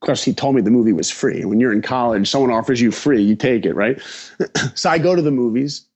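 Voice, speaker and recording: A man in his forties from New York, a podcast guest telling his story in an animated, emphatic way. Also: medium pitch, a little fast, husky. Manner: acts out dialogue, emphatic.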